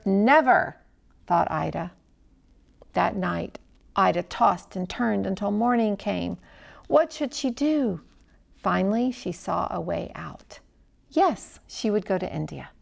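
Gravelly-voiced woman reading a story. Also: mid-range voice. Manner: dramatic, hushed at tense moments. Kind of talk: expressive storybook narration.

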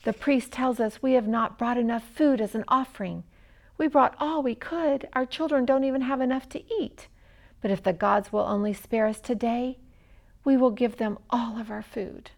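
A woman's voice: a little high, moderate pace, darkish tone, close to an everyday voice. A woman voicing a frightened adult male servant who whispers fearfully in a children's story.

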